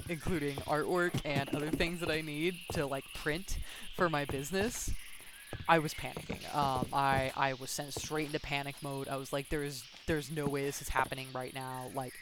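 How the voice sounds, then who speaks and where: Rambling, animated streamer over background noise. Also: medium pitch. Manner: animated, rambling, lots of fillers like "um" and "like". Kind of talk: casual storytelling while playing a game.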